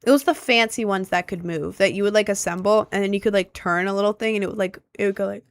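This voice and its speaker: A young woman streamer talks casually to her chat, wandering from one thought to the next with upbeat energy. Her voice sits at an ordinary pitch, captured close and dry with no room sound. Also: fairly even intonation, quick pace, no echo.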